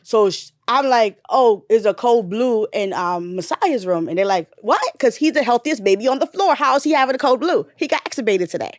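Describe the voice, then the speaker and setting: A woman's voice: fairly high pitch, animated, brisk, hardly any pauses, dry recording, studio quality. A woman, a nurse and bereaved mother, retelling a painful memory in a candid podcast conversation. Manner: candid, swearing, drifts from loud retelling to quiet grief.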